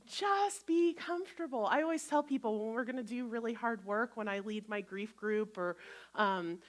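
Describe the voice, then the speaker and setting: A woman guest minister, giving an animated sermon in a church and acting out inner voices. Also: mid-range voice, normal speed. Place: church sanctuary.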